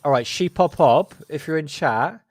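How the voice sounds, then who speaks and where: A man's voice: a little high, lively intonation, moderate pace, dry recording, clean studio sound. A man with a West Country English accent hosting a livestream, chatting casually in joking, sweary, self-mocking banter. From Southwest England. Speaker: livestream host.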